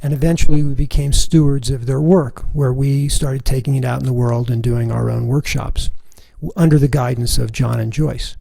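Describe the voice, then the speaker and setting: A middle-aged man giving a recorded course lesson, his voice gravelly and mellow. He talks in a calm, measured, deliberate way, and the sound is dry and close with no room around it. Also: mid-range voice, no echo, poor audio. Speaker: relationship workshop teacher.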